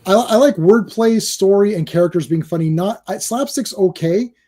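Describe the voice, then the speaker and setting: A man's voice: high-pitched, normal speed, warm tone. A man in casual podcast chat, laughing often and acting out lines he quotes.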